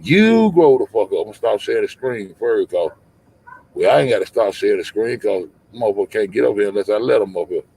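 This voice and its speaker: A livestream host delivers a fast, profane, confrontational rant full of repetition. His low voice is creaky and mellow with a breathy edge, recorded without echo.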